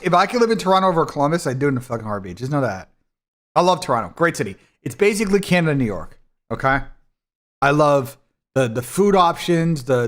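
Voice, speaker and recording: A man's voice: fairly high pitch, a bit bright. A man hosting a live esports watch party in casual, blunt, profane talk that rambles and restarts. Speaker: esports streamer and commentator.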